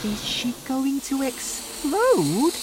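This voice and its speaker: A woman's voice: on the high side, big pitch swings, takes it slowly, noisy background, pitched above the performer's own voice. A woman voicing a kind, eager young boy in a storybook reading, calling out anxiously.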